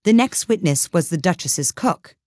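Lively woman reading a storybook. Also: lowish voice, normal speed, no room sound, clean studio sound. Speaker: audiobook reader. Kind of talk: storybook narration.

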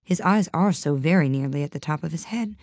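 A woman's voice: deep voice, fairly quick, a little mellow, no echo, studio quality. A woman voicing a polite but exasperated young girl who keeps asking earnest questions. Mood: insistent.

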